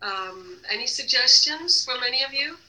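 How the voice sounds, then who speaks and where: A woman leading a guided energy healing session, giving slow repeated commands to an unseen device with many hesitations. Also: high voice, lively intonation, pushed and bright, a little hiss or hum, rough recording.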